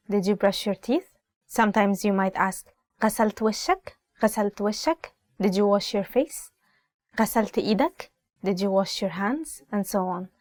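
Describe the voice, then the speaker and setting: A young woman with an Egyptian accent teaches everyday phrases. She says each one, repeats it and adds a translation. She talks fast in a slightly high voice, and the recording is dry and close. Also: darkish tone, no echo. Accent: Egyptian Arabic. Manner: chatty, peppered with "like", acts out scolding parent lines. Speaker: language teacher.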